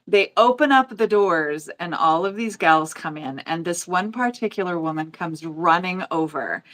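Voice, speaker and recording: A woman's voice: lowish voice, normal speed, fairly bright tone. A woman in her forties, a nail educator from the United States, telling stories in a casual, emotional way. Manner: emotional, storytelling with quoted voices. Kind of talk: casual chat.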